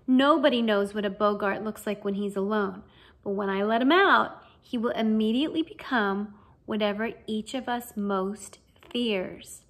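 A woman voicing a kindly, cheerful middle-aged male teacher in a fan audiobook reading, with a gentle, encouraging way of explaining. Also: medium pitch, a little slow, lightly acted.

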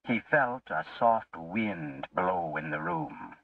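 A man reading a story aloud slowly and expressively for English learners. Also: sits low, lively intonation, a little hiss or hum. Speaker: narrator. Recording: muffled lo-fi, distant mic.

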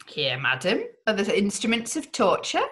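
A woman voicing a female prison servant with a lowered, confiding voice in a gothic storybook reading. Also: huge pitch swings, normal speed, fairly bright tone. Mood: grim.

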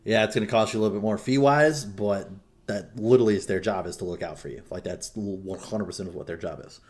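A young man hosting a podcast in casual chat, an animated storyteller who swears freely. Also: fairly low pitch, fast. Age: young adult. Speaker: podcast host.

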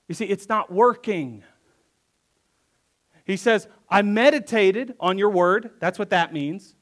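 A pastor preaching a conversational sermon, reading verses aloud and then acting them out with emphatic repetition. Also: male voice, sits high, a little slow. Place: church.

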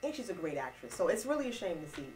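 A woman from Trinidad co-hosting a chat show, animated and quick to laugh and correct her partner. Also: on the low side, slight background noise, poor audio. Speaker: co-host. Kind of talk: casual chat show banter.

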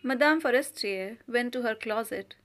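Audiobook reader: woman, fairly high voice, steady measured story narration. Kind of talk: scripted narration of a short story.

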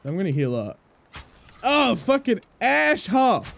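A young woman giving loud, excitable gameplay commentary, swearing and laughing often. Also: on the high side, unhurried, gravelly. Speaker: gameplay streamer.

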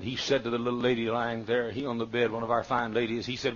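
An older male Southern American pastor preaching a sermon, telling stories and swinging between quiet asides and shouted climaxes. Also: mid-range voice, flat delivery, quick pace, few pauses, a little hiss or hum. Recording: dull lo-fi archival sermon tape.

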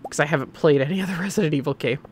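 A man streaming a game, chatting casually and opinionated, swinging between excited outbursts and muttering. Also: a little high, very fast, slight background noise. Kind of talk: casual gameplay commentary.

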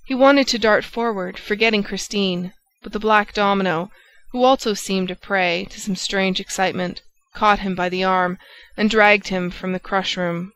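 A woman reads a classic novel aloud in steady, measured narration. Her voice sits at an ordinary middle pitch for a woman. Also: rough recording. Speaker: audiobook narrator.

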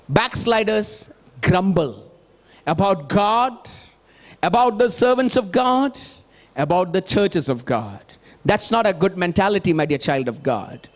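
A male pastor, preaching a sermon emphatically and asking the congregation rhetorical questions. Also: high voice.

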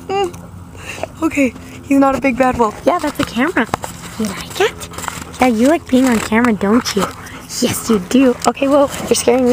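Tired, rambling young woman vlogging from a car. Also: fairly high pitch. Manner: chatty, rambling, self-mocking. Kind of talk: casual rambling vlog. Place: inside a vehicle. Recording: noisy car background.

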